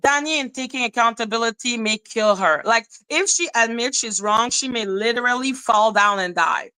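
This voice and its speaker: A woman's voice: a little high, normal speed, pushed and bright, clean tone, rough recording. A woman hosting a commentary livestream, ranting in a profane, sarcastic and scornful way. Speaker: commentary channel host. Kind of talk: livestream rant.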